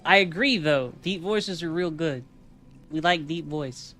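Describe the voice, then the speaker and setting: Faint music plays behind a male streamer whose voice is on the high side, bright and forceful, at a measured pace. He chats casually on stream, teasing viewers and laughing often over a game.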